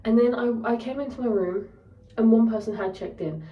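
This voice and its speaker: A woman's voice: fairly high pitch, a little fast, dark tone, distant mic, muffled recording. A young woman casually telling a story, candid and sweary, ranting. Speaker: vlogger. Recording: roomy echo, voice set back from the mic.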